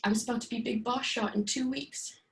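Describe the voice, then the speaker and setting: A woman performing a monologue as a frustrated young man confronting his father, swinging from hushed lines to shouting. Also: on the high side, steady tone, fairly quick, vocal fry, voice pushed up. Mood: bitter. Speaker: acting student. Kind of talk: dramatic monologue. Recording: roomy echo.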